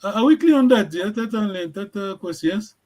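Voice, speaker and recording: A man's voice: high-pitched, lively intonation, fairly quick, darkish tone. A man teaching a language lesson, encouraging his students and often checking that they follow.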